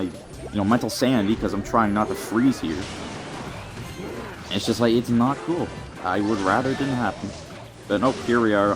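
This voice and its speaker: A young man, delivering a rambling, mock-serious comedic rant full of fillers. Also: fairly low pitch. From Canada. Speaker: vlogger. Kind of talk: comedic rant addressed to the wind. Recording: music playing under the voice.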